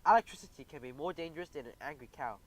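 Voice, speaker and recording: A man's voice: a little high, animated, very fast, low-quality recording. A man voicing a cheerful, capable young female mouse in an audiobook, with a soothing, reassuring manner. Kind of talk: audiobook character voice.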